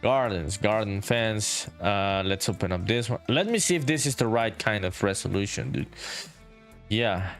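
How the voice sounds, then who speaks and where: A man's voice: fairly low pitch, animated, moderate pace, fairly bright tone, faint music behind. A man from Honduras, chatting casually on a game-development livestream, reading viewer messages aloud and saying "dude" a lot. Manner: laid-back, reads viewer chat aloud, says "dude" often. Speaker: indie game developer streaming. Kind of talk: casual livestream chat while working.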